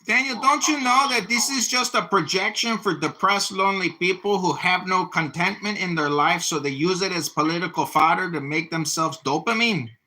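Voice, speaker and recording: A man's voice: high-pitched, moderate pace, few pauses, sharp tone, a little hiss or hum. A man on a podcast panel making sarcastic, crude remarks in casual chat.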